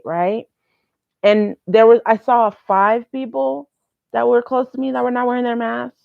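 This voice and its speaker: A woman's voice: mid-range voice, creaky, dry recording, phone-quality sound. A young woman vlogging casually, rambling and candid, swearing freely. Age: young adult. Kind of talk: casual vlog monologue.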